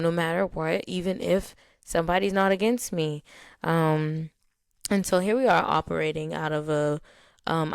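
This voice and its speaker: Creaky-voiced woman hosting a podcast. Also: fairly low pitch, a little mellow, dry recording, studio quality. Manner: candid, chatty, many fillers, laughs often. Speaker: podcast host. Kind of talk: casual personal talk to listeners.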